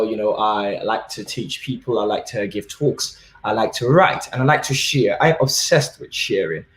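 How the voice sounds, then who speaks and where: A man from Nigeria giving a relaxed, easygoing tech talk at an online conference. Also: lowish voice, reverberant. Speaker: conference speaker.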